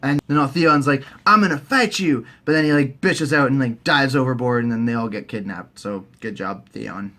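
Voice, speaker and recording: A man giving a profane, excitable casual recap as a vlogger. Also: medium pitch, moderate pace, few pauses. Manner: excitable, sweary, animated.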